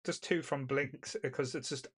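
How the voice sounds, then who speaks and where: A man's voice: mid-range voice, steady tone, moderate pace, fairly bright tone, slightly rough. A man with a Northern English accent co-hosting a film podcast, chatting casually in a rambling way with lots of fillers. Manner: rambling, filler-heavy, hesitant restarts. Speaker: podcast co-host. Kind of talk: casual film discussion chat.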